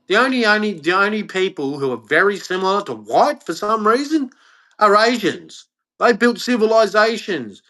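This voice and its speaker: An Australian man delivers an angry vlog rant straight to camera. He is blunt and profane, and he leans hard on his words. His pitch is lively and swings widely as he talks. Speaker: vlogger. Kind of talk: ranting monologue to camera.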